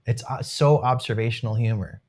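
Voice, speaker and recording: A man's voice: mid-range voice, a little fast, darkish tone. A man hosting a podcast, asking short, easygoing, reflective questions in a casual interview. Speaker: podcast host.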